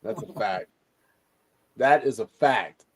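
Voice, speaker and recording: A man's voice: lowish voice, takes it slowly, husky. A man from Louisiana, a guest on a casual sports talk stream, laid-back and agreeable, with some cussing.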